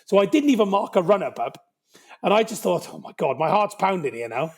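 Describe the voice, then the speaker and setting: Animated Welsh man telling stories. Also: high-pitched, fairly quick, slightly rough. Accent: Cardiff Welsh. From Wales. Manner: animated, lively anecdote-telling with frequent "right?". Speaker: guest. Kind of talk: podcast interview storytelling.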